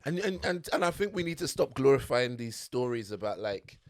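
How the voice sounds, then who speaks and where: A man in relaxed podcast chat, his voice at an ordinary middle pitch. He speaks in a laid-back, thoughtful way, dropping in soft murmurs of agreement while the other host talks. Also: a little fast, dry recording. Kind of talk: casual comedic chat.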